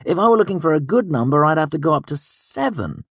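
A man's voice: on the high side, very animated, fast talker, a bit bright, breathy edge, no room sound, pitched above the performer's own voice, full character voice. A man doing a modest young musician. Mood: hedging. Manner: hedging, modest. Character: young male musician, polite and guarded.

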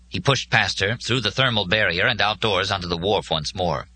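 A man with a very deep voice reads scripted narration for an audiobook, measured and solemn. His tone carries a bright, forceful edge over his low pitch. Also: slight background noise.

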